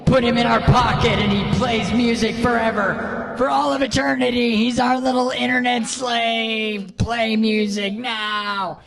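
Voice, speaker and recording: A deep, gravelly, ominous voice for a crowd of demanding viewers, flat and menacing. It rings out with a long echoing reverb. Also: male voice, heavily acted. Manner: slow menacing commands.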